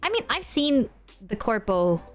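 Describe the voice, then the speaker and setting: A woman's voice: fairly high pitch, big pitch swings, a little slow, soft background music. A young woman streaming and chatting casually with her viewers, bubbly, laughing often and swearing freely.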